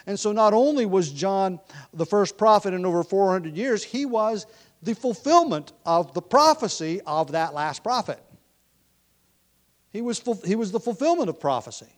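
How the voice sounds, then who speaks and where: A man's voice: lively intonation, moderate pace. Emphatic man preaching an expository sermon. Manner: emphatic, rises in pitch and volume when reading scripture; conversational asides with restarts and light laughs.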